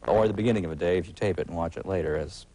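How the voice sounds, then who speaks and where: A man in his forties, a TV critic guesting on a talk show, speaking in a halting, wry way full of uh's and restarts. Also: deep voice, warm tone, low-quality recording. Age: 40s. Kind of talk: casual talk-show conversation.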